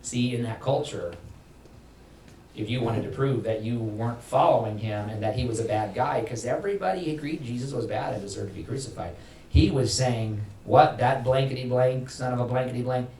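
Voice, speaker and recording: Male pastor preaching hard, pitch jumping up on the big points, roomy church sound from far off. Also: moderate pace, dark tone. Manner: emphatic, rises in pitch and volume for emphasis, acts out quoted voices. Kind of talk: sermon. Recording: echoey hall from far off, faint noise.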